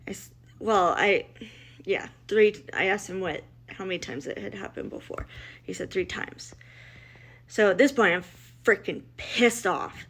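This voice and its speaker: Middle-aged mother, personal storytelling, blunt and emotional, mid-pitched voice, restarts often. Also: a bit bright. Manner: emotional, blunt, quotes others in dialogue, many restarts. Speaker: mother telling her family's story.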